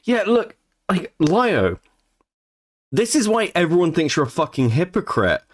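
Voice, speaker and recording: A man's voice: high-pitched, big pitch swings, measured pace. A man commenting on a recording he watches, sarcastic and profane, with scornful asides. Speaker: commentator reacting to a stream.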